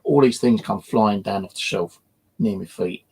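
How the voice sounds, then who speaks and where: An English paranormal investigator and channel host tells a personal story loosely, scattering "you know" fillers and swear words. His low, gravelly voice is husky with a slightly rough edge, a little mellow, and moves at normal speed.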